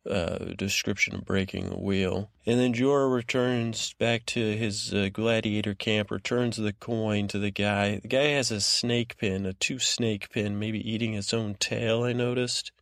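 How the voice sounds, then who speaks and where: A man's voice: on the low side, creaky, dry recording, clean studio sound. A man hosting a sleep podcast, giving a meandering recap of a TV episode with lots of fillers and restarts. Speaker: podcast host. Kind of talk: rambling bedtime recap.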